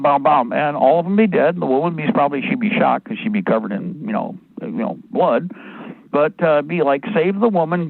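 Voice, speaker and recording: A man's voice: on the high side, no echo. A man hosting a live radio talk show, ranting angrily and rambling in a profane, combative way. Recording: tinny phone-like dry sound.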